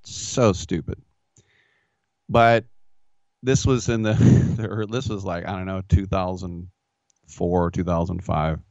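A man's voice: deep voice, fairly even intonation, takes it slowly, vocal fry, long pauses, a little mellow, no room sound. A man hosting a sports radio show, telling rambling, self-mocking stories. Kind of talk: casual sports talk radio. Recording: dull, dry studio sound.

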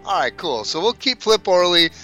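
A man's voice: high-pitched, very animated, normal speed, sharp tone, soft background music. A male radio sports talk host chatting casually, laid-back and enthusiastic.

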